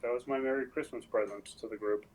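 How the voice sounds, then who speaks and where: A man's voice: medium pitch, fairly even intonation, quick pace, a little mellow, rough recording. A man chatting casually as a player at a tabletop game, joking and offhand. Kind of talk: casual chat.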